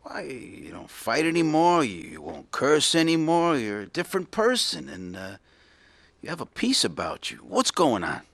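A man playing a puzzled middle-aged father who asks halting, searching questions. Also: a little high, wildly swooping pitch, gravelly, fairly bright tone, no room sound, full character voice.

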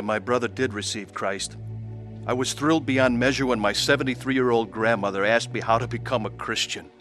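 A man's voice: medium pitch, fairly bright tone. A man earnestly narrating his own dramatized testimony in a heartfelt way.

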